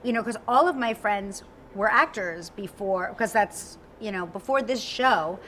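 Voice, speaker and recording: A woman in her forties co-hosting a talk show, telling stories in a bubbly, rapid way full of fillers. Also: medium pitch, lively intonation, a bit bright, a little hiss or hum. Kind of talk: animated interview chat.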